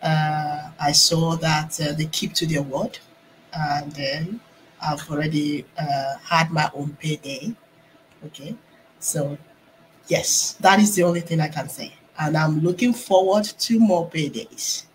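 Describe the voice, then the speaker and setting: A woman who is new to a business gives a short, hesitant testimonial in an online chat, halting often with fillers. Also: low voice, steady tone, slight background noise, low-quality recording. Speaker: newcomer to a business.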